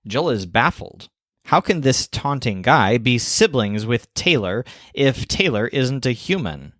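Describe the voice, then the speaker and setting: A man narrating a scripted language lesson, explaining clearly and slowing down for example phrases. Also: medium pitch, very animated, a bit bright, dry recording, studio quality. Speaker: language teacher.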